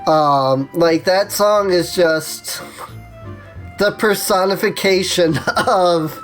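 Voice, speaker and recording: A woman streamer chats casually about a game she loves. Her talk is slow, halting and openly emotional, with a self-conscious edge. Faint game music runs in the background. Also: fairly low pitch. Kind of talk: casual livestream commentary.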